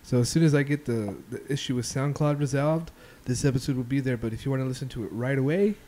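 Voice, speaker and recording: Mellow-voiced casual podcast host, a man. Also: medium pitch, fast. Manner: loose, profane storytelling with filler ums. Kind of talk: casual chat.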